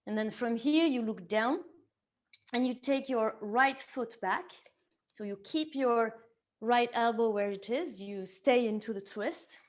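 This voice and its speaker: A woman teaching a yoga class, calmly cueing each movement to the breath and gently offering options. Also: on the high side, a little slow. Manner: calm step-by-step cueing tied to the breath. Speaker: yoga teacher and somatic therapist. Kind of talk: guided yoga class instruction.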